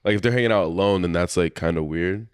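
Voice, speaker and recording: A man co-hosting a podcast in casual chat, talking in a relaxed, thoughtful way with lots of "like". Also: low-pitched, fast, clear, resonant tone, no room sound, studio quality. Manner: relaxed, thoughtful, many "like" fillers. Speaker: podcast co-host.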